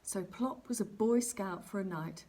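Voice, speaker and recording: A woman reading a children's story aloud, narrating gently and expressively. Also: medium pitch, measured pace, slightly rough.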